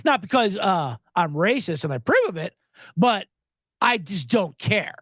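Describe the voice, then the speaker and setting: A man's voice: normal speed, no echo, clean studio sound. A man hosting a live sports podcast, ranting casually and sarcastically, often acting out other people in a raised voice. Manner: animated, sarcastic, mimics others in high voices. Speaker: podcast host. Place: Los Angeles.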